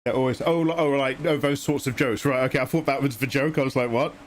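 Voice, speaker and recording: A man's voice: medium pitch, fairly even intonation, fast talker. A man chatting casually on his art stream, telling a joke in a rambling, self-deprecating way. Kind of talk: casual chat while drawing on stream.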